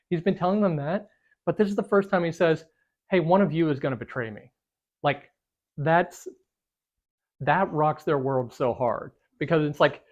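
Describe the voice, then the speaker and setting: A co-host of a casual group Bible study who talks animatedly, acts out the quotes, and fills speech with "like.". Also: medium pitch. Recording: slightly dull lo-fi sound.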